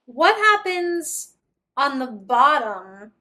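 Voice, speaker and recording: A woman's voice: high voice, very animated, drawn-out words, bright, forceful tone. A woman voice student talking through her impressions in a chatty, hesitant way with filler words. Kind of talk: lesson conversation.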